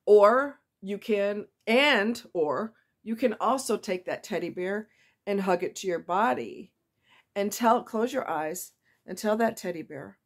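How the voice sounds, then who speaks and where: Woman vlogger speaking to camera at a mid pitch; chatty, confiding, heartfelt, with easy asides. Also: expressive, a little slow. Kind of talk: casual heartfelt talk to viewers.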